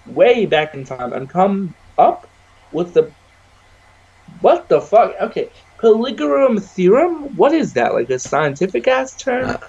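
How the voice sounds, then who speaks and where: A young man co-hosting a casual podcast over a video call, loud and slangy, swearing and laughing often. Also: sits high, big pitch swings, measured pace, husky, dull audio. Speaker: podcast co-host.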